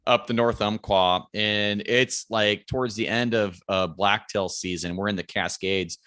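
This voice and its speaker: A man as a podcast guest, telling a hunting story in a casual, animated way. He swears freely and raises his voice to quote friends yelling. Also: on the low side, measured pace, no room sound. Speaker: podcast guest, bow hunter.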